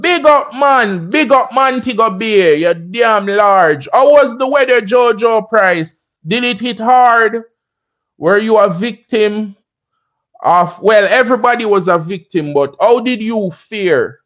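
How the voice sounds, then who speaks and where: A man's voice: sits high, animated, slow, fairly bright tone, dull audio. A Jamaican man hosting a casual livestream, talking in a laid-back, chatty way and often asking "you understand me?". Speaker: livestream host.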